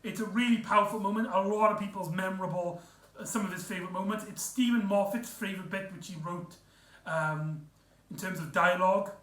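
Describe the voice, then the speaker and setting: A man's voice: sits high, steady tone, fairly quick, a bit bright. A man recapping an episode in a casual, rambling way, full of fillers and restarts. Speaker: reviewer. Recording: echoey room, off-mic.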